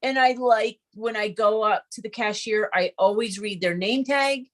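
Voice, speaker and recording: A woman's voice: mid-range voice, normal speed. A woman co-hosting a casual chat, talking in an earnest, encouraging way as she gives advice. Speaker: co-host.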